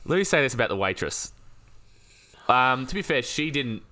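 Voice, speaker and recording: A man's voice: medium pitch, sing-song, normal speed, bright, forceful tone. A man co-hosting a casual podcast, teasing his co-host and talking straight to the listener. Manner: teasing, jokey, talks to the listener.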